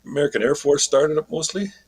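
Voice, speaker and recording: A man's voice: on the high side, fast talker, darkish tone, breathy edge. Hesitant male co-host. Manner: hesitant, many fillers, trails off. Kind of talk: casual chat.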